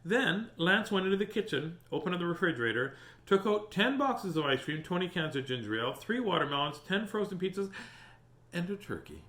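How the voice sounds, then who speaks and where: Reading a picture book aloud, a storytime host with a high voice moves at a brisk pace and chats with viewers. He greets them warmly and keeps things animated and talkative, and the room echoes noticeably.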